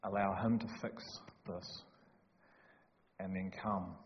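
A man preaching a sermon in a church hall, emphatic and joking, swinging from loud to hushed. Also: low-pitched, steady tone, slow pace. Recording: echoey hall, dull lo-fi sound, faint noise.

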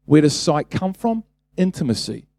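A man's voice: a little high, big pitch swings, moderate pace, vocal fry, warm tone, no room sound. A man preaching a casual sermon, talking conversationally, then building to emphatic bursts and asking the congregation rhetorical questions.

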